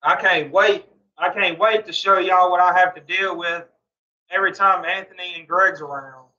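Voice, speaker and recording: A man's voice: high voice, steady tone, normal speed, bright, forceful tone, recorded from a distance. A man chatting casually on a livestream, rambling and repeating himself to his viewers. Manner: rambling and repetitive. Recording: roomy, off-mic, dull lo-fi sound.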